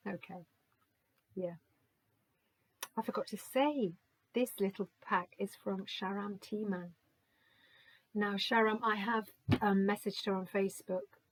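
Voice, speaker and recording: A woman giving a gentle, musing oracle card reading, slowly reading out card texts and reflecting on them. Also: medium pitch, fairly even intonation, a little hiss or hum, rough recording.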